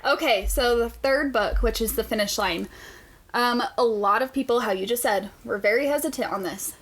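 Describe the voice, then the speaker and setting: Brief: woman, book podcast co-host, a bit high-pitched, lively, profane, quick to laugh. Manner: animated, profane, laughs often. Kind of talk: casual chat.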